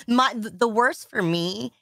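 Bright, lively woman podcast co-host. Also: fairly high pitch, vocal fry. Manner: laughs often, animated storytelling. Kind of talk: casual chat.

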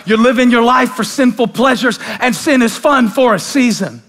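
High bright-voiced guy preaching in a big church, goes quiet then yells, keeps repeating himself. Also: moderate pace, few pauses. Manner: builds from hushed to shouting, repeats lines for emphasis. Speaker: pastor. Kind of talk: sermon. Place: large church auditorium.

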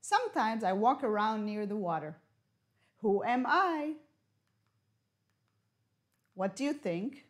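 Woman teaching English slowly. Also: fairly high pitch, big pitch swings. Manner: slow, clear teacher talk with riddles and Hebrew glosses. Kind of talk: broadcast classroom lesson.

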